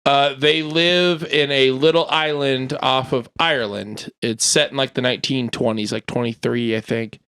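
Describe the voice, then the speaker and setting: Man, podcast host, casual chat, rambling animated storytelling, mid-pitched voice. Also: normal speed, few pauses, smooth.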